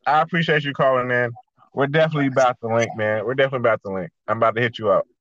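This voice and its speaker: A man co-hosting a casual podcast, excitable and often repeating himself. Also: medium pitch, rapid-fire, no echo, lo-fi sound. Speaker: podcast co-host.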